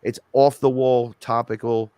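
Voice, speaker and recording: A rapper co-hosting a podcast, telling rambling, animated stories in casual chat and quoting himself along the way. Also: male voice, mid-range voice, measured pace, clean tone. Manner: rambling, animated storytelling with self-quotes.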